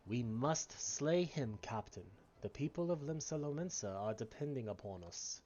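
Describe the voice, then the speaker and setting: Here is a resolute female mage who talks in slow, formal, earnest lines, as a man puts her on. The pitch sits mid-range, and the recording is dull and lo-fi. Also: expressive, darkish tone, lightly acted. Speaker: streamer reading game dialogue.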